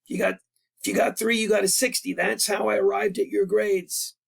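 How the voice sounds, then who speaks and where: Hoarse, gravelly teacher explaining grading. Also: male voice, high-pitched, flat delivery, fairly quick. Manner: plain, patient explaining with asides. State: hoarse, worn-out voice. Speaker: history teacher. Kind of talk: recorded classroom lesson over a screen. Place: at a computer, voice-over.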